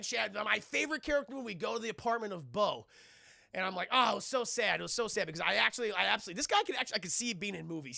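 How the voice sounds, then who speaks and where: A young man excitedly recapping a horror film to his live chat, swearing freely and acting out the characters' yelps. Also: sits high, creaky, dry recording, studio quality. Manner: profane, excitable, acts out characters' lines with yelps.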